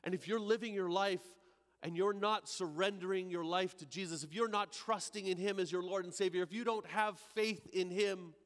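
A male pastor playing a repentant thief dying on a cross, in a dramatic first-person monologue at a church service, halting and emotional, moving from hushed remorse to crying out. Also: sits high, fairly even intonation, big-room sound, lightly acted. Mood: urgent.

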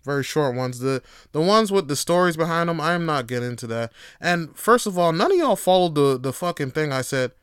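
A man's smooth, resonant voice in a dry, close recording. He rambles through a casual solo podcast, swearing freely and leaning on filler words. When something gets him going, he turns loud and animated. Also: on the high side, brisk, few pauses, dry recording. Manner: loose, rambling and profane, with lots of fillers. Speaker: podcast host.

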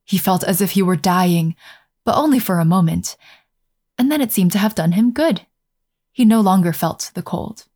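A woman narrating a fairy tale aloud in a calm, measured way, slowing down over scenic passages. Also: medium pitch. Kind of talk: storybook narration.

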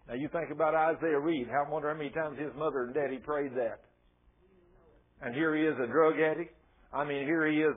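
A man delivers a fervent, folksy sermon, slipping into the voices of the people in his stories. His voice sits high and sounds husky. The recording is tinny and narrow, like a phone line. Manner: fervent, folksy preaching with acted-out quotes. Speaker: preacher.

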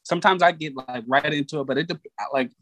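A young man guesting on a podcast, chatting casually in a laid-back, halting way that often trails off. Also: a little high, fairly bright tone, no echo. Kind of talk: casual chat.

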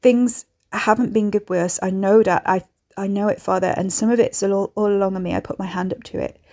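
A woman voicing a desperate young monster man who pleads and shouts at his parents. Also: medium pitch, steady tone, moderate pace, creaky, slightly rough. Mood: pleading angrily.

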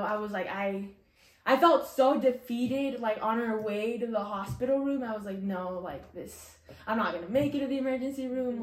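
A woman's voice: on the high side, reverberant. A young woman casually sharing an emotional personal testimony, full of "like" and "you know". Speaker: guest sharing her testimony.

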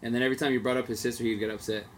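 A young man co-hosting a casual podcast, telling animated stories in slang and swearing freely. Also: medium pitch, very fast, a little hiss or hum. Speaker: podcast co-host. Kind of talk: casual chat.

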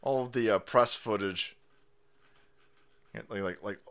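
A man's voice: lowish voice, slow pace, a bit bright. A man hosting his own stream, giving a foul-mouthed, mocking political rant and laughing often. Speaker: streamer host.

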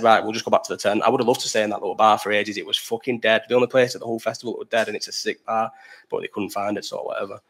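Fast-talking lad telling stories. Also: male voice, medium pitch, a bit bright. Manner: rambling, swears freely, answers chat mid-story. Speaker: livestream host. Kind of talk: casual live chat storytelling.

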